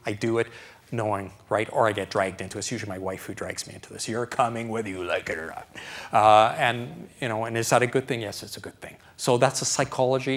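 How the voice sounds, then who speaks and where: A middle-aged man, a doctor, giving a live health lecture to an audience in a chatty, animated way, often checking in with "right?". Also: lowish voice. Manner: animated, conversational, keeps asking "right?", acts out his own thoughts.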